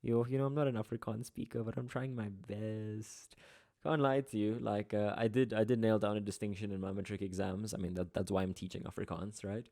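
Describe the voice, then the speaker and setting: A young man, tutoring through an exam paper in a relaxed, slangy, chatty way. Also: lowish voice, a little fast, gravelly. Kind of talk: casual exam walkthrough.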